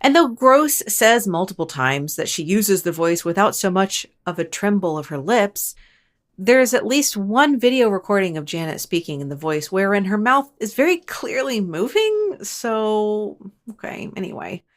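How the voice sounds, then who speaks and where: A woman hosting a paranormal storytelling show, narrating casually and chattily with wry asides and quick self-corrections. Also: medium pitch, very animated. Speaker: host of a paranormal storytelling channel.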